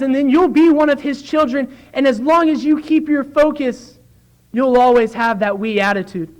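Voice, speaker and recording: Young guy giving a church lesson, super high voice, earnest, acts out the quotes. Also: poor audio. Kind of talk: sermon. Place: church sanctuary.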